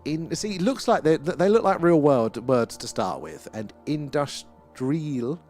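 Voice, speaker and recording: A man's voice: fairly high pitch, very animated, moderate pace, darkish tone, soft background music. Chatty British man hosting a livestream. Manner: chatty, reads out viewer comments, laughs often. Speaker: livestream host. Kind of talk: casual live-stream chat.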